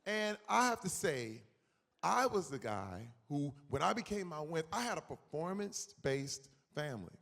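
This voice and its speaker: Man in his forties, conference guest; raised pitch, gravelly edge, lively storyteller, hall echo. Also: moderate pace. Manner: animated, acts out quoted voices, emphatic. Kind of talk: on-stage conversation. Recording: reverberant hall.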